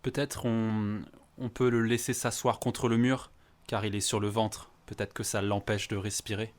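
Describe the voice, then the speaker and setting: A young man playing a tabletop game, speaking slow, hesitant learner French with fillers. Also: lowish voice, little pitch movement. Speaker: player.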